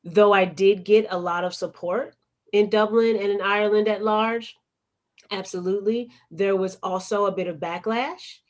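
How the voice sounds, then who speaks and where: A woman's voice: medium pitch, steady tone, moderate pace. A woman with a Chicago accent, a poet and activist telling her story as a guest in an interview, earnest and emphatic. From United States.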